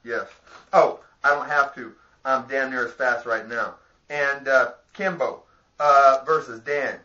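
A man's voice: mid-range voice, fairly even intonation, unhurried, pushed and bright. A man rambling a profane, boastful comic monologue to camera, laughing through his own jokes. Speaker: vlogger. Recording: dull lo-fi home video audio.

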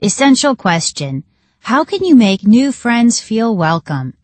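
A woman teacher reading a story aloud to a class in a clear, measured way. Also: on the high side, sing-song, no echo.

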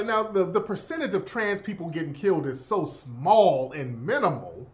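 A man commentating in a casual, profane, animated rant that often breaks into laughter. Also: high voice, moderate pace, few pauses. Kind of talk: casual monologue.

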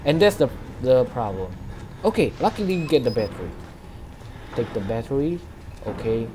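A man narrating his own horror gameplay in broken English, dropping to hushed muttering and then breaking into panicked shrieks. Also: mid-range voice, sing-song, normal speed, slight background noise. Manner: non-native English with broken grammar. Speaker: gameplay streamer. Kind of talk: horror game commentary.

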